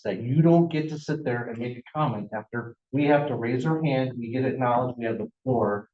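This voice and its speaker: A man's voice: mid-range voice, moderate pace, hardly any pauses, echoey room, lo-fi sound. A man speaking as a board trustee at a village meeting, insistent and accusatory. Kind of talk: heated public meeting debate. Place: village hall meeting room.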